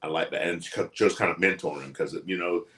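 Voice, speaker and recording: A man with a low voice talks a little fast as co-host of a casual wrestling chat show. He tells stories with loads of energy, acting out quotes and laughing often.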